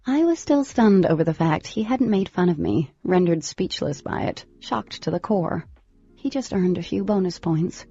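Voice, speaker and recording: A woman narrating a first-person novel in an expressive, animated way. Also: lowish voice, measured pace, gravelly, husky. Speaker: audiobook narrator. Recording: slightly lo-fi with faint music.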